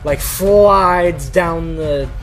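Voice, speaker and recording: Casual male storyteller, unhurried, slightly high, rambling delivery with many fillers. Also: soft background music, poor audio. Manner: rambling, full of "like" and restarts.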